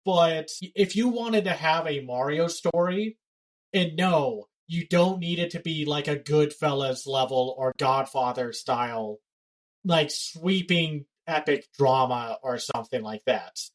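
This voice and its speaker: A man's voice: on the high side, rough recording. A man co-hosting a casual pop culture podcast, blunt and given to ranting. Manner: blunt, ranting, fast-talking. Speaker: podcast co-host.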